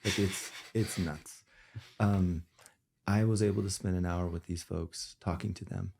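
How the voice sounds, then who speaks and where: Low, gravelly-voiced doctor, candid and emphatic. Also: male voice, fairly even intonation, unhurried, darkish tone, slight background noise. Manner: candid, emphatic, building to passionate outbursts. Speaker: physician. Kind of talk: podcast conversation.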